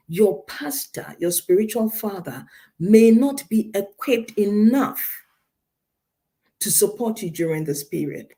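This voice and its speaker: A woman's voice: medium pitch, dark tone. A woman counselor giving emphatic, direct advice to listeners on a radio show, often repeating her key points.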